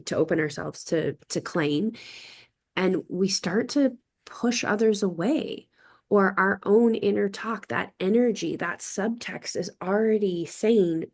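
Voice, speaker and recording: A woman's voice: lowish voice, a little mellow. A middle-aged woman in a casual group discussion, talking in long reflective runs and often checking in with the listener. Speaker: podcast guest.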